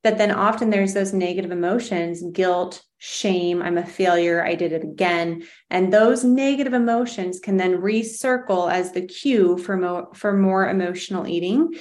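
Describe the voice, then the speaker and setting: Gentle, thoughtful woman host. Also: lowish voice, moderate pace, hardly any pauses. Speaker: podcast host. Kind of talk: casual interview chat.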